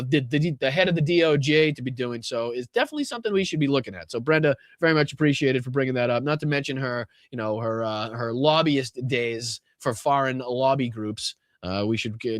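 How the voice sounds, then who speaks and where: A man's voice: medium pitch, a bit bright, no echo. A man with a Boston accent talks straight to his livestream audience, casual and profane, reading off viewer names one after another. His voice sits in an ordinary middle range. The sound is dry and close. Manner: profane, chatty, thanks viewers by name. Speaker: political livestream host.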